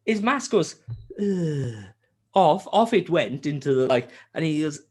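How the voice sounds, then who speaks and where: Unhurried and a bit breathy, a podcast host tells the story of a game in casual conversation. He swears often and animates the tale by mimicking characters, delivering their lines in a high voice.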